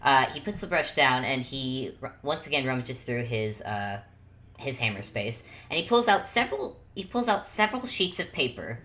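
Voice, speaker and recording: A woman's voice: a bass voice, animated, moderate pace, a bit bright, slight background noise. A woman running a tabletop game as game master, narrating in a rambling, self-correcting way with frequent laughs.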